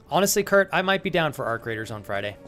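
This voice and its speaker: A man talks casually with his live-stream audience while he plays, addressing viewers by name. His pitch sits in the middle and his delivery is chatty, with the occasional swear word. Game music plays faintly in the background. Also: fairly bright tone.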